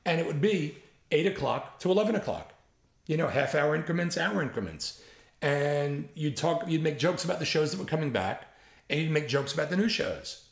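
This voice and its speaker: Gravelly older man telling stories. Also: fairly high pitch, moderate pace, reverberant. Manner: lively storyteller who imitates others and swears freely. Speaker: comedy writer guest. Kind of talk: casual anecdote telling.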